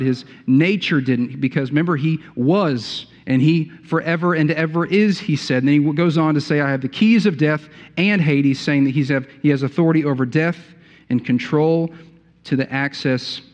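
A man preaching a sermon, earnest, often repeating words and rising in pitch for emphasis. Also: moderate pace. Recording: dull sound with long hall reverb.

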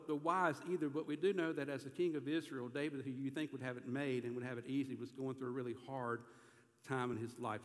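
A middle-aged man preaching a sermon in a folksy way, speaking straight to the congregation and swinging from quiet talk to loud pleading. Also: fairly high pitch. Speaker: pastor. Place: church sanctuary. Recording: echoey church hall.

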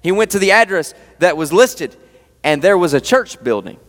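A fired-up male preacher with a high voice, talking straight to the room with folksy asides. His voice rings out with a long reverb through a church hall. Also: sing-song, normal speed, a bit bright. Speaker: youth pastor. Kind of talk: sermon.

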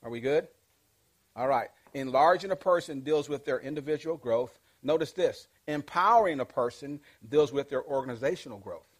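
A man teaching a leadership class, energetic and interactive, calling out questions and pushing the audience to answer back. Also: mid-range voice, normal speed. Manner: energetic, call-and-response with the audience.

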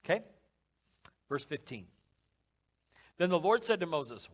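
A man preaching a sermon, lively and conversational, acting out quotes from scripture and dropping his voice low for emphasis. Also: takes it slowly, long pauses. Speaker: pastor.

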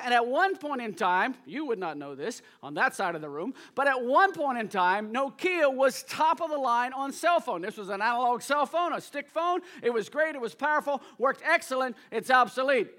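A man preaching to his congregation with a notably high voice. His tone is bright and forceful, and he keeps calling on the listeners to answer back. He moves from loud, pressing emphasis to quieter asides. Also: moderate pace, few pauses. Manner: energetic, exhorts the congregation to respond. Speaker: pastor. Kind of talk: sermon. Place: church service before a congregation.

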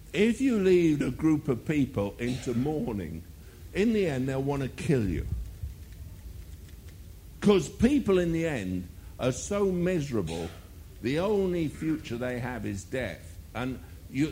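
A man's voice: mid-range voice, dark tone, slight background noise. A male preacher delivering a sermon, firing rhetorical questions and mocking asides.

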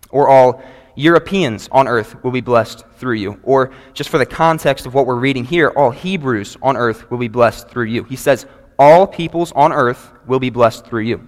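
A man, preaching a sermon to a congregation in an earnest, measured way and reading scripture aloud. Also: medium pitch. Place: church sanctuary before a congregation. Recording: long reverb of a large hall.

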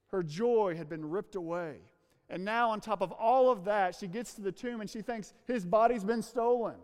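A man preaching a sermon to a congregation in a church room, earnest, slowing down and dropping to a hush for emphasis. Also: high-pitched. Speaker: pastor. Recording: long reverb of a large hall.

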